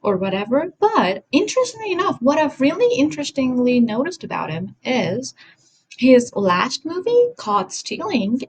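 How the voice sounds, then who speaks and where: A woman's voice: high-pitched, big pitch swings, normal speed, slight background noise, low-quality recording. A woman talking in a casual commentary vlog, rambling and self-correcting, often apologizing, recorded on a home setup. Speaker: vlogger.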